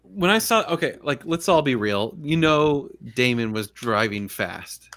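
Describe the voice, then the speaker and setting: A man's voice: mid-range voice, sing-song, unhurried, fairly bright tone. Casual male streamer, middle voice, rambles and chuckles. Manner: laid-back, rambling, laughs often. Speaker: podcast host. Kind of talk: casual livestream chat.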